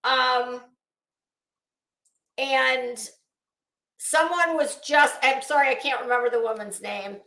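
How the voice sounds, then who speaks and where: A woman's voice: high-pitched, takes it slowly, creaky, long pauses, pushed and bright, echoey room. A woman giving a sassy, exasperated commentary rant to her online audience, drawing out words for emphasis. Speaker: YouTube commentary host.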